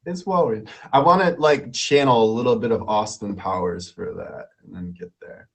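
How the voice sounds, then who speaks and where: A man's voice: fairly low pitch, lively intonation, normal speed, vocal fry, fairly bright tone. A man hosting a live stream quiz in a playful way, laughing often and repeating himself.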